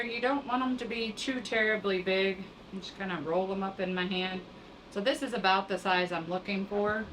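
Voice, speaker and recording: A woman co-hosting a cooking show, explaining each step in a relaxed, casual way. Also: mid-range voice, slight background noise, low-quality recording.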